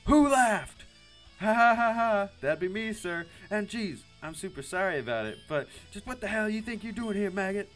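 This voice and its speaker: A man's voice: high-pitched, animated, a little fast, few pauses, a bit bright, faint music behind, pitched above the performer's own voice. A man voicing a foul-mouthed adult male drill-sergeant teacher who barks insults and orders in a visual novel. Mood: interrogating. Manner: barking orders, insulting, commanding.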